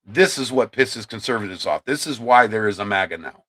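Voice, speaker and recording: A man's voice: fairly low pitch, animated, a little fast, fairly bright tone. A man in his fifties, from Ohio, ranting on a livestream and answering his chat, often repeating and restarting words. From Ohio, USA. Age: 50s. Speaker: livestream host.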